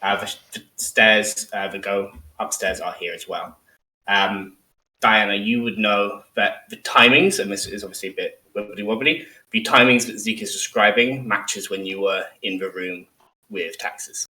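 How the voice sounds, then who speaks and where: A man running a tabletop role-playing session as game master, his voice bright and forceful. He narrates hesitantly, full of fillers and restarts. The sound is roomy and set back from the mic. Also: fairly low pitch, measured pace, distant mic.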